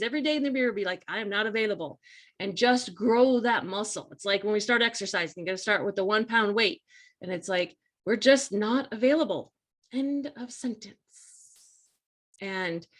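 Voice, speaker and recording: A woman's voice: medium pitch, fairly bright tone. Earnest woman coaching listeners directly. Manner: earnest, emphatic and repetitive, addresses listeners directly. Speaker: life coach hosting a weekly live talk. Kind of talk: casual motivational talk on a live stream.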